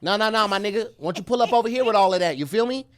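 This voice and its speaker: A man's voice: high voice, rapid-fire, pitched above the performer's own voice, natural voice. A man putting on a nasal, brash streetwise young LA homeboy in a podcast bit. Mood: swaggering.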